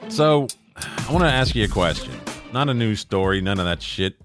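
Deep-voiced man ranting casually. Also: expressive, normal speed, over loud music. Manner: profane, ranting, acts out quoted voices. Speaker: podcast co-host. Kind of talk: casual podcast chat.

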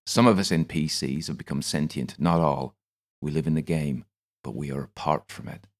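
A man voicing a wise, courteous male apothecary shopkeeper in an audiobook, speaking in a measured, formal way. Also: very deep voice. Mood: explaining. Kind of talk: audiobook character voice.

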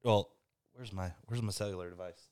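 A man's voice: low-pitched, brisk, smooth, no echo, clean studio sound. A man hosting a podcast, chatting casually, swearing often and laughing a lot. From Virginia. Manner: profane, laughing, animated. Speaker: podcast host. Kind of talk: casual chat.

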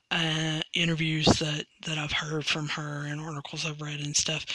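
A man hosting a solo podcast, reviewing a paranormal TV show in a rambling way with many pauses, his voice cracking slightly. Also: on the high side, bright, forceful tone, no room sound, poor audio. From West Virginia. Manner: rambling, many ums and restarts. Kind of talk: casual solo podcast commentary.

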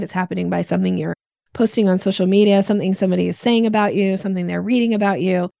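A woman guest on a podcast, explaining sales steps in an energetic teaching manner. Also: medium pitch, creaky, no room sound, studio quality. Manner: energetic teacher, acts out voices in examples.

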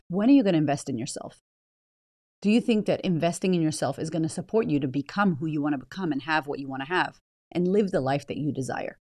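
A woman's voice: low-pitched, expressive, fast, dark tone, dry recording, studio quality. A woman hosting a motivational podcast, blunt, swearing freely and firing rhetorical questions at the listener. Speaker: podcast host.

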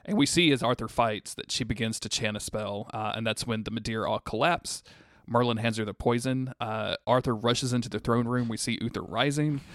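A man's voice: medium pitch, brisk, a bit bright, no room sound, clean studio sound. A young man co-hosting a podcast, recapping a show in casual, profane chat. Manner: laid-back, profane, laughs often, recaps plot with acted quotes. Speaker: podcast co-host.

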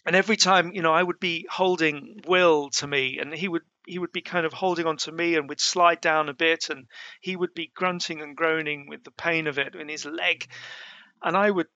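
A middle-aged man tells his story in a gravelly, slightly raised voice with a bright edge. He speaks haltingly, restarting phrases often. The sound is close and dry, with no room around it. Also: a little high, steady tone, dry recording, lo-fi sound. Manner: halting, with many restarts and fillers. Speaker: mountaineer telling his story. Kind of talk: casual spoken storytelling.

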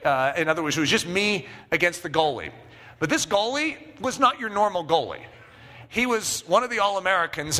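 A man's voice: high voice, pushed and bright, long reverb tail. A man preaching a sermon, telling a personal story with self-mocking humor and checking in with the congregation. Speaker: pastor.

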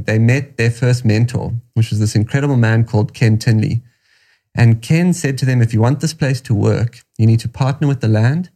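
Low, mellow South African man. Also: steady tone. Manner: reflective, unhurried storytelling. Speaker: guest. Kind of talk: storytelling interview answers.

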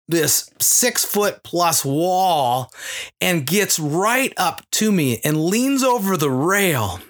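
A man preaching through a personal story in a slow, halting way, often restarting his sentences. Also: on the high side, fairly bright tone. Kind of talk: storytelling sermon.

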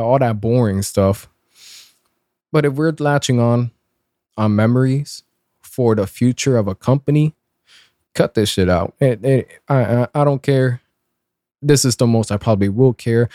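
A man in his twenties hosting a casual commentary show, sarcastic and blunt, with lively swings in pitch. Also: no room sound, clean studio sound. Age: 20s. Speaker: commentary host.

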